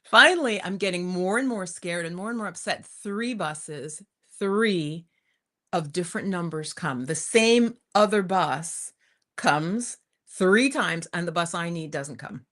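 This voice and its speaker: A middle-aged woman hosting a livestream, telling a personal story in a chatty, animated way with frequent laughs. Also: lowish voice, unhurried. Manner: chatty and animated, often laughing and saying "you guys". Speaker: spiritual teacher hosting a livestream. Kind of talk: live-streamed personal storytelling.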